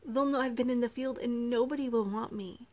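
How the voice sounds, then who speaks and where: A woman's voice: on the high side, steady tone, brisk, a little mellow, voice pushed up, close to an everyday voice. A woman voicing a troubled young woman in an audiobook, speaking earnestly with a pleading edge. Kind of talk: audiobook character reading.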